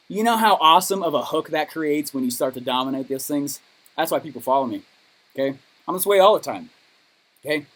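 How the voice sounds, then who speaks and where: High-energy male motivational coach. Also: animated, fairly quick, a bit bright. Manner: high-energy, emphatic, keeps asking "okay?". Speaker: business coach. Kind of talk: motivational training talk.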